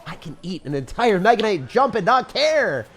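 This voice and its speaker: A man giving casual, excitable live commentary on his own gameplay, using slang and laughing often. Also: high-pitched, moderate pace. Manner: excitable, swings from mutters to shouts. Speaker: gaming commentator.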